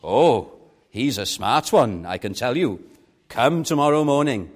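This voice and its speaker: A man's voice: medium pitch, sing-song, measured pace. A man voicing a dry, knowing street preacher answering a challenger. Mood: wry. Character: wry male street preacher, calm and dry.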